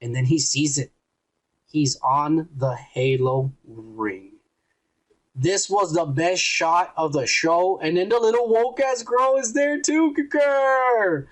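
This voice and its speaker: A man's voice: a little high, slow, poor audio. A man co-hosting a podcast, recapping an episode in rambling, profane casual chat and acting out quotes. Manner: crude, rambling, acts out quotes. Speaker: podcast co-host.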